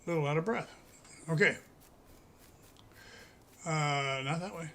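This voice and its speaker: An older man gives relaxed gameplay commentary in a folksy, chatty way. His voice sits high and sounds bright and forward. He takes his time and lets each thought unfold slowly. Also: slight background noise. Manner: chatty and folksy, chuckling often. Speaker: streamer.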